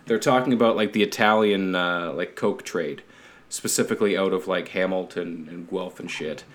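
Low-voiced man rambling enthusiastically. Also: moderate pace. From Canada. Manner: rambling, swearing, laughs often, tries silly accents. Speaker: podcast co-host. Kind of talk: casual chat.

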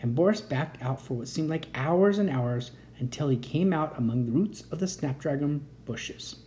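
Gentle, mellow storybook reader. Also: medium pitch, moderate pace, a little hiss or hum. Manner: gentle, even narration. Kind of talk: reading a children's chapter book aloud.

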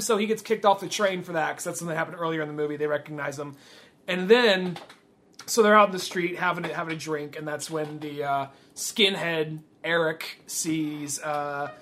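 A high, bright man talks casually on a podcast. He rambles and retells film scenes with quoted lines. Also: moderate pace, a little hiss or hum. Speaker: podcast co-host. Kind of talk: casual chat.

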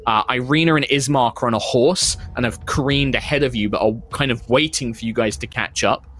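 A man's voice: medium pitch, fairly quick, fairly bright tone. A man, narrating a tabletop game as game master with flowing, descriptive speech full of small fillers.

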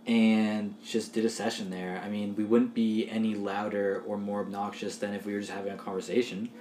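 A man co-hosting a podcast in casual chat, playful and quick to slip into little character voices. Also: lowish voice, flat delivery, darkish tone. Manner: chatty, laughing, quick to act out little quoted voices. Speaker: podcast co-host and game master. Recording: roomy echoey room.

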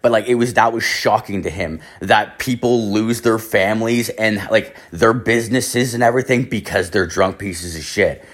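A man's voice: on the low side, normal speed, hardly any pauses. A man in his thirties telling a rambling, exasperated story, swearing constantly. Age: 30s. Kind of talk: profane comic storytelling rant.

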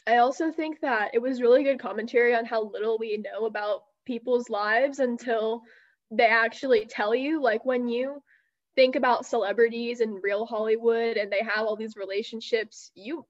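A woman's voice: on the high side, moderate pace. A young woman chatting casually in a book club, with lots of "like" fillers. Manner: chatty, heavy use of "like". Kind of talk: casual chat. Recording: dull lo-fi sound.

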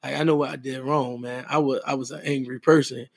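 A man's voice: mid-range voice, little pitch movement, fairly quick, vocal fry. A middle-aged man, podcast co-host and wedding officiant, talking in an emphatic, repetitive, preacher-like way in casual chat.

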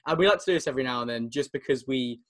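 A young English man co-hosting a casual football podcast over a video call, chatty and quick to laugh. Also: medium pitch, a bit bright. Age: young adult. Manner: chatty, laughs often, teasing. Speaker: podcast co-host.

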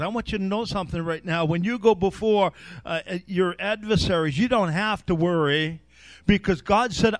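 A male pastor preaching an animated sermon that rises to shouts. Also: sits high, moderate pace, no room sound.

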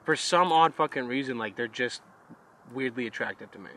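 A man's voice: medium pitch, brisk, pushed and bright. A young man co-hosting a casual podcast chat, crude and joking with plenty of swearing. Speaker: podcast co-host.

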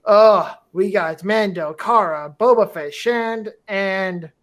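Brief: excitable fan host, mid-range voice, rambling casual review chat. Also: mid-range voice, takes it slowly. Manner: enthusiastic, rambling with restarts and laughs. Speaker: podcast host.

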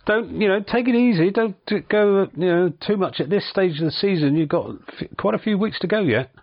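A man hosting a local radio show, asking questions in a relaxed way and prompting with short "right"s. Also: high voice, a little fast, no echo, dull audio. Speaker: radio host. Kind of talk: casual radio interview.

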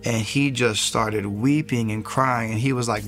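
A man's voice: medium pitch, fairly even intonation, a little slow, fairly bright tone, faint music behind. A man in his thirties, an interview guest, giving a personal faith testimony in an earnest, rambling way and acting out the lines he once said. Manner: earnest, rambling storyteller, acts out his own quotes.

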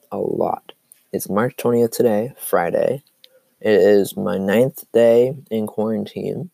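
A teenage boy with a cough hosts his own podcast, his voice cracking now and then. He rambles along with plenty of "like" and "um". His tone is low and mellow, recorded dry and close. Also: creaky, no echo. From Seattle area. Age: teens. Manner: rambling, full of "like" and "um". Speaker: podcast host. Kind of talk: casual solo podcast chat.

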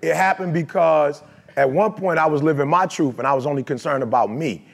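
A man speaks in a raised, gravelly voice, pitched a little above the usual for men. He gives a motivational talk to a live crowd, emphatic and conversational, full of street slang. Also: brisk. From Detroit, USA.

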